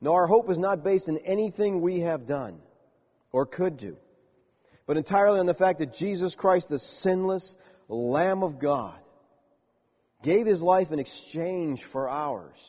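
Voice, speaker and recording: Husky preaching man in a reverberant church. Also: a little high, animated. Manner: emphatic preaching, slowing and dropping soft on key words. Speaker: pastor. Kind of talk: sermon. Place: church sanctuary. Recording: dull lo-fi church recording with long reverb.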